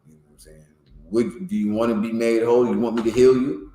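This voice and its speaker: A man's voice: mid-range voice, level tone, fast, dark tone, slight background noise. A man teaching an informal Bible class, explaining verses in plain slang and often checking in with "you know what I'm saying?". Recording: echoey room.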